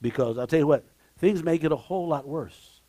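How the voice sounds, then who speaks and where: Emphatic male preacher, higher-pitched voice. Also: brisk, dry recording. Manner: emphatic preaching that swings from shouts to low asides; repeats key phrases, exclamations of praise. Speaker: pastor. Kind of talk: sermon. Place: church sanctuary.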